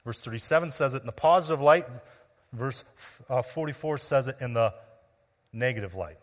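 A pastor preaches to his congregation in an emphatic, questioning way, rising to loud declarations and dropping to near-whispers. His mid-pitched male voice rings with the long reverb of a large hall. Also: moderate pace. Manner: emphatic preaching with rhetorical questions, swinging between loud and quiet. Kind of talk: sermon.

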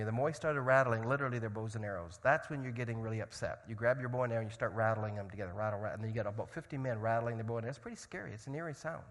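A man preaching a sermon, telling a story dramatically and swinging from loud shouts to hushed tones. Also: medium pitch, fast talker, long reverb tail.

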